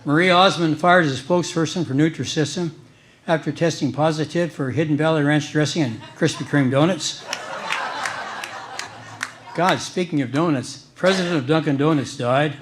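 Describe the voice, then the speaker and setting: A man doing stand-up comedy on stage, delivering jokes with a deadpan punchline style. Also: fairly high pitch, moderate pace, noisy background.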